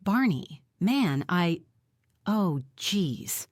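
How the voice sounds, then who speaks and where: A woman reading an audiobook, voicing an angry armed man who yells accusations and later turns shaky with regret. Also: lowish voice, very animated, very slow, dry recording, studio quality, exaggerated voice. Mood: alarmed. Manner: yelling, then shaky and remorseful. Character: angry armed man losing his temper.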